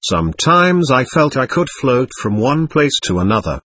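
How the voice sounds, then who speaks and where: A man's voice: medium pitch, sing-song, normal speed, a bit bright, breathy edge, no room sound. A man reading as an indignant, confused ghost. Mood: bewildered. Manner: defiant, suspicious and bewildered. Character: indignant confused ghost of a dead adult, hostile. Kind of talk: reading a dialogue aloud.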